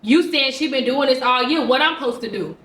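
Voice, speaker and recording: A woman quoting a blunt, dismissive father on the phone, in a flat and curt tone. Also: high voice, brisk, a little hiss or hum. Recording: roomy sound from a distant mic.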